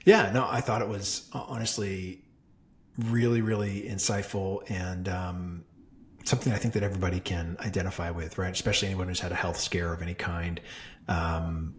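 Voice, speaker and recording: A man co-hosts a podcast in a relaxed, joking way and laughs often. His voice sits fairly low, with a faint hiss of noise behind it. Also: moderate pace. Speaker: podcast co-host. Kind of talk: casual chat.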